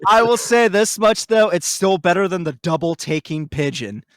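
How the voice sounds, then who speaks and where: A man co-hosting a casual podcast review, excitable, swearing a lot and laughing often. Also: high voice, normal speed, no echo. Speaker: podcast co-host.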